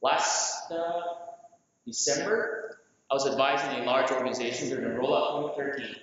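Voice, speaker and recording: A man from Southeast Asia giving a conference presentation, animated and jokey, asking the audience questions. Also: medium pitch, normal speed. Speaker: conference speaker. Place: large conference hall. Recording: echoey hall, distant mic, dull sound.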